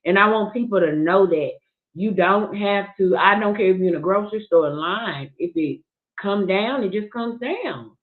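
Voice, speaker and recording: This woman, a guest on a livestream, shares her grief in a mid-range voice with lively intonation at a normal speed. She is candid and earnest, frequently restarting sentences, over a tinny line that sounds like a phone.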